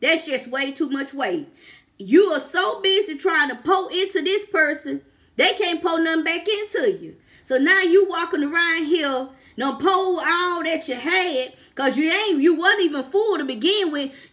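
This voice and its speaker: Fervent high-voiced woman life coach preaching. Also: fairly bright tone. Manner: fervent, repetitive call-and-response exhortation. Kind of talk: motivational preaching to camera.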